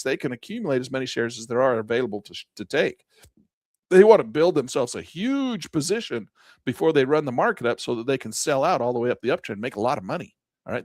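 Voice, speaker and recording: A man's voice: fairly high pitch, dry recording, studio quality. A man giving a casual chart walkthrough as a trading instructor, emphatic and folksy, chanting repeated words for effect.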